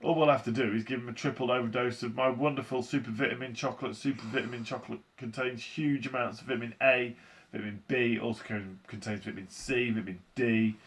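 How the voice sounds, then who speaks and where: A man voicing an eccentric, cheerful chocolate maker who talks in a brisk, playful, breezy way, reading a story aloud. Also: mid-range voice, steady tone, a bit bright, close to an everyday voice.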